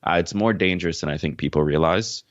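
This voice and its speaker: A young man with a very deep, low voice talks through interview questions in an easy, relaxed way, dropping plenty of "uh"s and laughing easily. He grew up in Jamaica. His audio sounds dull and dry, like a lo-fi remote call. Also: fast talker, dry recording. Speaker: podcast host and author, guest. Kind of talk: casual interview answers.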